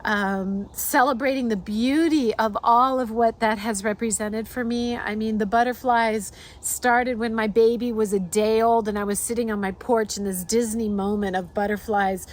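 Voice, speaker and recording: A woman's voice: a little high, fairly even intonation, normal speed, few pauses. A woman telling a personal story outdoors in a heartfelt, rambling way, with many fillers and restarts. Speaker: artist and host.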